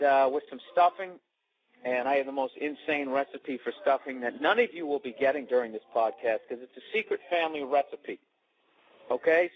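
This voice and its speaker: A man hosting his own podcast from inside a parked car, rambling in a profane, sarcastic way. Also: on the high side. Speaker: podcast host. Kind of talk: casual solo podcast rant. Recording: dull lo-fi recording.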